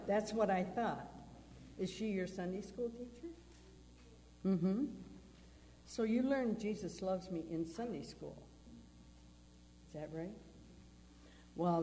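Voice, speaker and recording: Chatty woman guest at a church, asks the kids questions, dark mellow tone, hall echo. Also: on the low side. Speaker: guest singer. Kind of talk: casual talk to a congregation. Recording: church hall reverb, faint hum.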